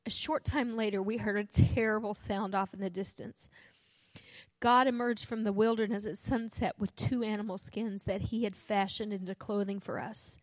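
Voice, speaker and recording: A woman reading a story aloud in first person, earnest and steady, with a few small restarts. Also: mid-range voice, moderate pace, dry recording.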